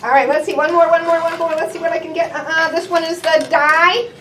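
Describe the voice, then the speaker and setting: A woman working as a speech therapist in a playful session with a young child. She models words slowly and one at a time, then bursts into cheers and sound effects. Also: very high-pitched, steady tone, a bit bright, slight background noise. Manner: slow, deliberate word-by-word modeling. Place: indoor therapy room. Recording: roomy and distant.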